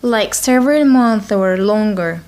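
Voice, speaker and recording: A woman's voice: medium pitch, animated, measured pace, a little mellow. A woman teaching an English lesson, whose first language is Arabic. She repeats phrases again and again for practice. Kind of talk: slow spoken English lesson with repeat-after-me drills.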